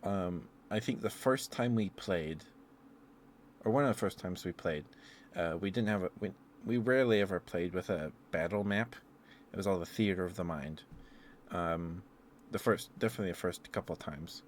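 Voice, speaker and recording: Man, very low voice, soft-spoken ASMR ramble, meandering, chuckling, faint ambience behind. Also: normal speed, a little hiss or hum. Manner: meandering, chuckling storyteller with fillers. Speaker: ASMR streamer.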